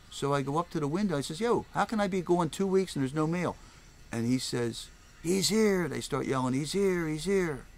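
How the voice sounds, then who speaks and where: A man's voice: medium pitch, slight background noise. An older man, a record store owner telling rambling stories in a casual interview, often acting out the voices of people he quotes. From Philadelphia area, US. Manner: animated, rambling, acts out voices. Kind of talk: casual storytelling.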